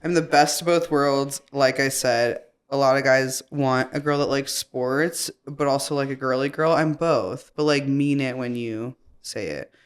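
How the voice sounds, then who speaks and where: A woman's voice: very deep voice, unhurried, few pauses. A young woman, a podcast guest, chatting casually and telling stories with lots of swearing and laughter. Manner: animated storyteller, swears freely, laughs often.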